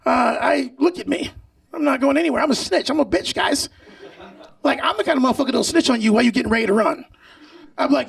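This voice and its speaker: A brash male stand-up comic working a live stage, loud and profane, often laughing at his own material. His voice sits very high with a gravelly edge. He sounds set back from the mic. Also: quick pace, no echo, far from the mic. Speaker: stand-up comedian. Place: comedy stage before a live audience.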